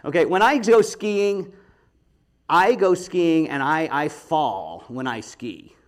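A middle-aged man teaching a Bible study in a chatty, animated way, laughing often and checking in with his listeners. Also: a little high, slow. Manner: animated, chatty, laughs often, talks to the audience with frequent "okay?".

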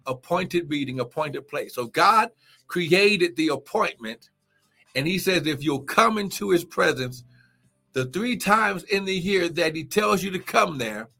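A man's voice: on the high side, expressive, measured pace, vocal fry, bright, forceful tone, soft background music. A man preaching a live morning sermon as pastor, exuberant and repetitive, calling out praise and urging listeners on. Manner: repeats phrases and urges listeners to get it.

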